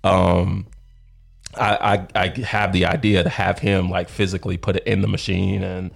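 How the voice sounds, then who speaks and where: A man in his thirties, a podcast co-host, telling a long story in a rambling, animated way with lots of fillers. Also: low voice, normal speed, vocal fry. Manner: rambling, animated, laughs often, many fillers. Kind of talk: casual storytelling chat.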